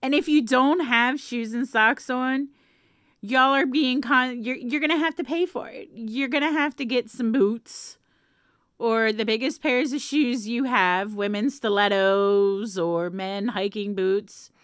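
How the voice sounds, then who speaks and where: A woman's voice: a little high, unhurried, a bit bright, clear, resonant tone, no room sound, studio quality. A woman chatting casually to camera as a vlogger, playful and laughing often.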